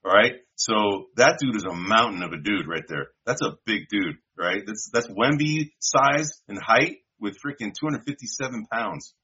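A husky, lowish male voice, bright and forceful, runs at a moderate pace with hardly any pauses and plenty of expression. He's a podcast co-host loosely rambling through draft picks in casual chat, calling his partner dude and bro. The lo-fi audio is dull.

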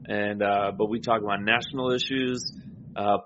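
A man's voice: lowish voice, fairly even intonation, normal speed, a bit bright, highs cut off, a little hiss or hum. A man guesting on a political podcast, speaking hesitantly with many fillers. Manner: hesitant, filler-heavy talk. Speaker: guest co-host.

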